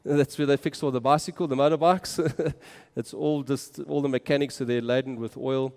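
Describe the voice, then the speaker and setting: A man's voice: mid-range voice, steady tone, moderate pace, a little mellow, clear, resonant tone. A man, a minister, narrating travel photos in a casual, enthusiastic and exclaiming way. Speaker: minister on a mission trip. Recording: long hall reverb.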